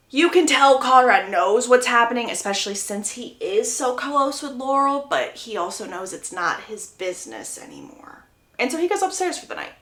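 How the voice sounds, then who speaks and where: A young woman with a slightly high voice retells a book's plot in a chatty, playful way. She jumps into quick voices for the characters. Her voice rings in a roomy, echoey space. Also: bright, forceful tone. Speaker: book recap creator. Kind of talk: casual book plot retelling.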